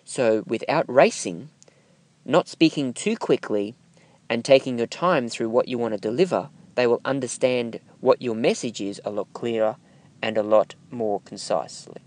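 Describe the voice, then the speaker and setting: A man teaching voiceover technique, speaking slowly and deliberately with emphatic pauses. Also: medium pitch, a little mellow. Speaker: voiceover instructor. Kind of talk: instructional talk to camera.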